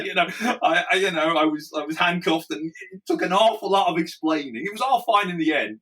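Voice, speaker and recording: A man with an Irish accent, a guest telling anecdotes in an animated, laughing way. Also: a little high, recorded from a distance, poor audio. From Ireland. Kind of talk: storytelling in conversation.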